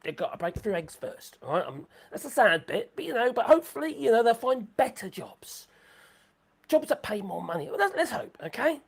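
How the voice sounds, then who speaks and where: A woman rambling through a live-stream chat, her fairly high voice swinging widely up and down. She gets excited easily, swears freely and breaks into laughter often. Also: a little fast, creaky, breathy edge.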